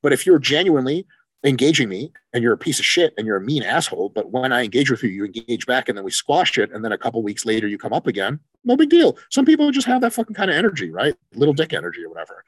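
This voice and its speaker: Lively fast-talking man. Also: medium pitch, husky, dry recording. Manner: animated, swears freely, acts out quoted exchanges. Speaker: podcast co-host, coach. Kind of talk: casual chat.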